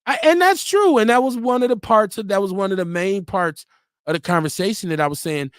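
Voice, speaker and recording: A man hosting a live talk stream in a loose, animated way, reading viewer comments aloud and acting out quotes. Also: high voice, brisk, clear, resonant tone, no echo, clean studio sound. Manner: loose, animated, laughs often, acts out quotes. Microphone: streaming mic.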